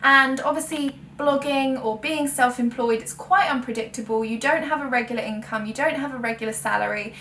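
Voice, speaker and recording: A woman's voice: high-pitched, a little fast, few pauses, bright, forceful tone. A young woman, chatting frankly to camera as a full-time blogger, self-correcting and laughing at her own word slips. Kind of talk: frank sit-down chat to camera. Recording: echoey room, mic at a distance, faint ambient noise.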